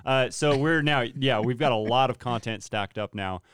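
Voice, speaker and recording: A man's voice: mid-range voice, moderate pace, fairly bright tone, clear, resonant tone, no room sound. A man hosting a casual church podcast, joking and chatty, with plenty of fillers. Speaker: podcast host.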